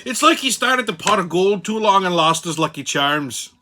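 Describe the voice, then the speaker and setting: Irish pundit voice, whimsical brogue, profane rant, bright tone, as a man puts it on. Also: sits high, lively intonation, moderate pace, a little hiss or hum. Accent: put-on Irish. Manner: profane, ranting. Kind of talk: political commentary rant.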